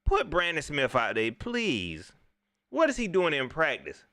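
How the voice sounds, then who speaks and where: Guy hosting a live sports talk stream, bright lively voice, dry close mic. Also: a little high, unhurried, no room sound. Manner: animated, talks straight to viewers, reads chat aloud. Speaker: sports talk livestream host. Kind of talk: casual live sports commentary.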